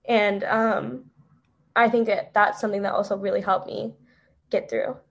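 A young woman, a podcast guest, telling an emotional personal story in a halting, tearful way with many fillers. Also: medium pitch, little pitch movement, vocal fry.

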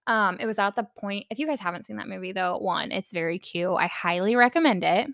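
Gravelly, bright-voiced young woman podcaster. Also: mid-range voice, a little fast, no room sound, studio quality. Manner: candid and chatty, frequent fillers and swearing. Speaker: podcast host. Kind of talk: casual personal podcast monologue.

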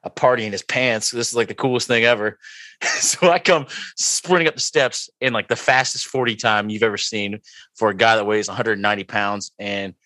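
A young podcast co-host with a lowish voice talks a little fast on a casual sports show, telling a long, self-mocking story full of fillers. He rambles but gets animated when quoting people, and the sound has no echo.

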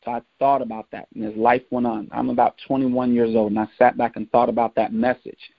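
A man's voice: medium pitch, brisk, vocal fry, no room sound. A man who played college football tells personal stories in a motivational talk, acting out the voices of the people he quotes. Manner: animated, acts out quoted voices. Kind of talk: storytelling talk. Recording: dull lo-fi dry recording.

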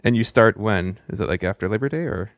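A man hosting a speech pathology podcast, talking in a relaxed, chatty way with musing asides. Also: lowish voice, quick pace, dry recording, studio quality. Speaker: podcast host. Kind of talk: podcast intro and interview.

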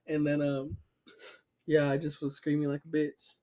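A man's voice: a little high, monotone, normal speed, darkish tone. A young man co-hosting a podcast, telling stories in a loose, profane way, full of fillers and laughter. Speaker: podcast co-host. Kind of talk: casual chat.

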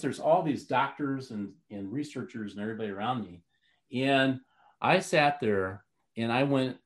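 A man telling a long personal story in a casual interview, rambling with many fillers and restarts. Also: medium pitch. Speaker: guest.

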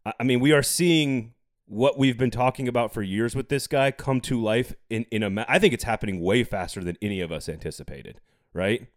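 A man's voice: medium pitch, brisk, no room sound, studio quality. Chatty man hosting a sports podcast. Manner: chatty, laughs often, steers the talk back on track. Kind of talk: casual chat.

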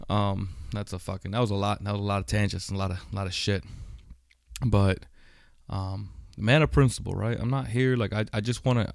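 Blunt, gravelly man on a dry mic. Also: fairly low pitch, darkish tone, no room sound. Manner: blunt, profane, frequent fillers and "right?". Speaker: podcast host. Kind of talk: personal monologue podcast. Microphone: studio microphone.

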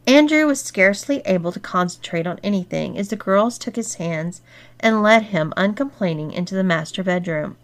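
Woman reading an erotic story aloud. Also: mid-range voice. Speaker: story reader. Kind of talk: scripted narration of an erotic story.

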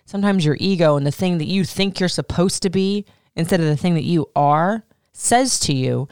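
A woman's voice: lowish voice, moderate pace, darkish tone, no echo, clean studio sound. A woman podcast host in her thirties giving casual, candid advice, swearing freely and laughing often.

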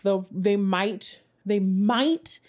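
Animated laughing woman in chat. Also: mid-range voice, extremely slow. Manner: animated, laughs often, apologetic jokes. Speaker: podcast co-host. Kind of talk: casual chat.

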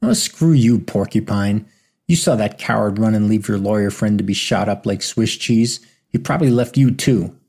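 A man's voice: lowish voice, normal speed, creaky, darkish tone, breathy edge. A man doing a smug, needling schoolteacher. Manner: mocking, smirking delivery. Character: smug, needling male history teacher.

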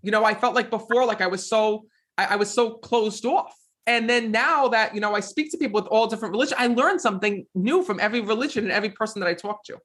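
Interviewed as a psychic medium, a man with a high-sitting voice tells stories quickly, casually and with animation. He keeps repeating the phrase "next thing you know."

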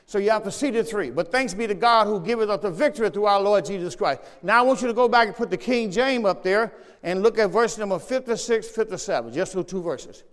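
A man's voice: sits high, a little fast, few pauses. A man preaching a sermon as pastor, teaching from scripture in a call-and-response style and repeating key phrases. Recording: long church reverb.

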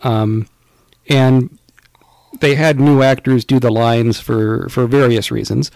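A man's voice: mid-range voice, fairly even intonation, slow pace, vocal fry, a little mellow, no room sound. A man co-hosting a podcast in casual chat, rambling with many fillers. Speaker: podcast co-host.

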